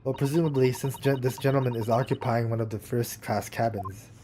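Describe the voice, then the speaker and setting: A man's voice: medium pitch, steady tone, a little fast, dark tone, a little hiss or hum, lightly acted. A man reading the lines of a polite, proper young woman assistant in a game, in his own voice. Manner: formal, apologetic phrasing. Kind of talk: reading game dialogue aloud.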